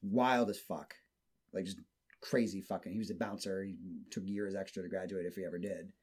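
Profane, animated man telling a story. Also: sits low, brisk, slightly rough. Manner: profane, animated storyteller who acts out quotes. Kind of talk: casual storytelling chat.

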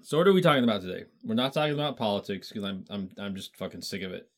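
A man's voice: lowish voice, expressive, rapid-fire. A man co-hosting a casual chat, curious, repeating words as he asks questions. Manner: curious, stammering, laughs easily. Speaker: podcast co-host.

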